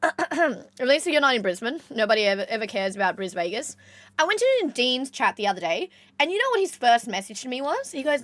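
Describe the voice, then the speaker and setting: A young woman chatting casually with her live-stream chat, excitable, jumping between squeals and low mutters. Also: fairly quick, no echo. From Australia.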